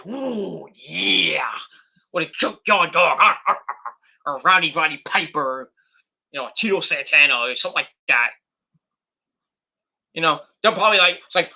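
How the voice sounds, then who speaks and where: Bright, high-voiced ranting man. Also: animated, moderate pace, long pauses. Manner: profane, sarcastic ranting with mock quotes. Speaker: streamer host. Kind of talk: casual ranting livestream.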